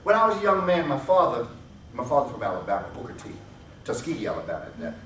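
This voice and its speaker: A man's voice: mid-range voice, huge pitch swings, quick pace, fairly bright tone, distant mic. A man giving a public lecture to an audience, emphatic and preacher-like, driving his points home with repetition. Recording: echoey hall, recorded from afar, noisy.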